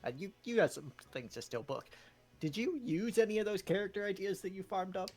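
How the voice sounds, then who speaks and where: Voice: mid-range voice, a little fast, darkish tone. A co-host on a game live stream, chatting casually and teasing the streamer with jokes. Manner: teasing, joking. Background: faint background music.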